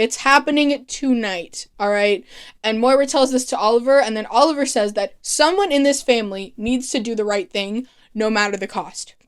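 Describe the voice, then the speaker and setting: A woman narrating a casual comedic TV recap, sarcastic and profane, paraphrasing characters in her own offhand voice. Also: a little high. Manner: sarcastic, profane, mock-quoting characters in a flat voice. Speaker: TV recap YouTuber.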